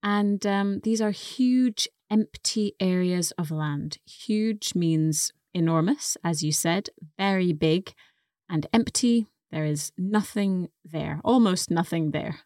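A woman's voice: on the low side, a little mellow, no echo, clean studio sound. A woman co-hosting an English lesson podcast, carefully explaining vocabulary and pronunciation. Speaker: co-host and English teacher.

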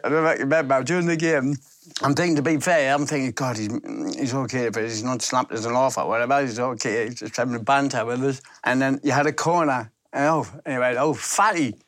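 A man, a former footballer, recalling matches in a chatty, halting way with many restarts. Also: medium pitch, fairly even intonation, a bit bright, no room sound. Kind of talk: anecdotal storytelling in a documentary interview.

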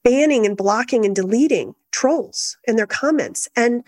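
A middle-aged woman, a guest in an interview, telling her story in an earnest, steady and reflective way. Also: a little high, normal speed, dry recording. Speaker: guest, activist founder.

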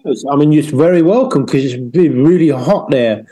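Deadpan man spinning tall tales. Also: on the high side, moderate pace, husky. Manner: rambling, deadpan tall tales with quoted voices. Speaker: comedy podcast host. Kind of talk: deadpan improvised comedy chat.

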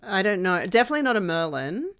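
A woman's voice: medium pitch, big pitch swings, fast, fairly bright tone. A woman co-hosting a casual podcast, enthusiastic and a bit rambling. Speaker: podcast co-host. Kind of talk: casual chat.

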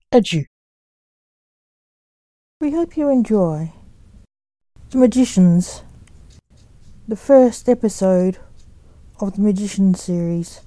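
A woman reading aloud a gothic story she wrote, in a slow, measured storybook manner. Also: medium pitch, dark tone, dry recording. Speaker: author and narrator.

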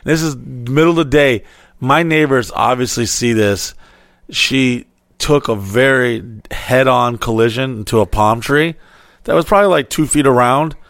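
A man's voice: mid-range voice, measured pace, no room sound, studio quality. A man on a podcast telling a wild story in casual, heavily profane chat and acting out the quotes. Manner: animated, swearing freely, acting out quotes.

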